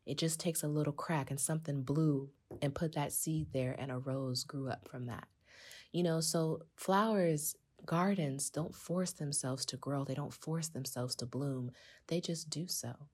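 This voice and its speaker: A woman's voice: sits low, unhurried, husky. A woman hosting a podcast, talking casually and with animation to her listeners. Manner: animated, conversational, addresses listeners as sis. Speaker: podcast host.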